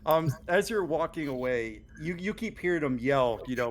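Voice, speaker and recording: A man's voice: fairly high pitch, moderate pace. A man narrating as game master of an online tabletop role-playing game, talking casually with fillers and restarts. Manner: relaxed, with many fillers and restarts.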